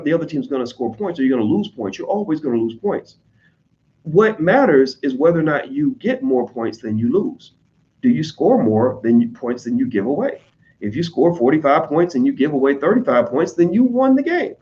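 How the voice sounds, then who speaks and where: A man with an American accent talking casually to his audience, blunt and profane, slipping into quick mimicry of other people. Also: on the high side, darkish tone, highs cut off. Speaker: online commentator on business. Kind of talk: casual unscripted monologue.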